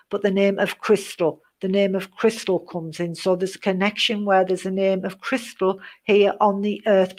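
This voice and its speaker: A middle-aged woman giving a live psychic reading, repeating herself and checking in with "okay?" in a reassuring way. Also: mid-range voice. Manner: repetitive, reassuring, tags phrases with "okay?". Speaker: psychic medium.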